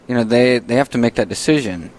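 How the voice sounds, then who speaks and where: A man hosting a casual faith discussion, chatty and animated, often laughing and slipping into quoted voices. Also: mid-range voice, quick pace, slight background noise, rough recording. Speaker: host. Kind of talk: casual Catholic Q&A talk.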